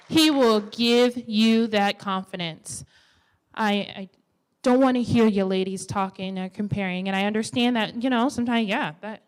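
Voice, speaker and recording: A young woman in her twenties delivers a church sermon with a fairly high voice. She exhorts her listeners in a lively way and drops playful asides between her points. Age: 20s. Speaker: women's ministry speaker.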